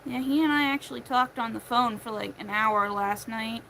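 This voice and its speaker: A young woman chatting casually while she crochets at home, acting out what her family says in animated voices. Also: on the high side, moderate pace, creaky, slight background noise, poor audio. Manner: chatty, acts out quotes of family in shifting voices. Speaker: crochet vlogger.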